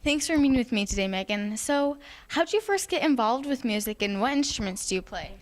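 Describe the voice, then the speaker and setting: A teenage girl interviewing a classmate, reading questions in a flat, quick way. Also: on the high side, noisy background. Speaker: student interviewer.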